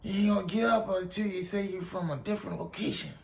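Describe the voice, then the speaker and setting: A man's voice: sits high, fast talker, vocal fry, reverberant. A man voicing a harsh male drill sergeant who barks clipped orders at a recruit. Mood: barking. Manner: barking orders in clipped commands.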